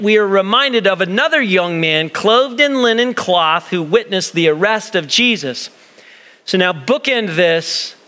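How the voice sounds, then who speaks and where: Male pastor, high bright voice, chatty sermon delivery, church hall echo. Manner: animated, conversational, acts out quoted voices. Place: church sanctuary.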